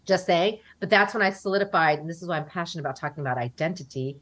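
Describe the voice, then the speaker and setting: A woman's voice: fairly low pitch, very fast, fairly bright tone. A woman in her forties from the United States, chatting animatedly as an interview guest and acting out what other people said. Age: 40s. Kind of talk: casual interview chat.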